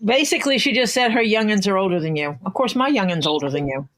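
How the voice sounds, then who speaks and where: A woman from the southern United States hosting a livestream, bantering and joking in a relaxed way. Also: medium pitch, quick pace, no room sound. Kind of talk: casual chat.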